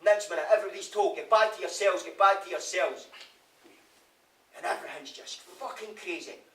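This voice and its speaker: Speaking high-pitched, fairly quick and a bit bright, a Scottish stage actor plays a remorseful prisoner. The theatre monologue is raw and brooding, heavy with guilt and constant swearing. It's a live stage recording, roomy and picked up from far off.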